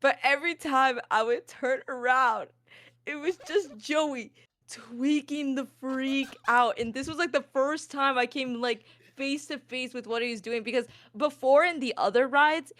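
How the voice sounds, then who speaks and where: A woman's voice: sits high, unhurried, a bit bright, no room sound. A young woman streamer telling a story in casual chat, laughing through it, on a voice call mic.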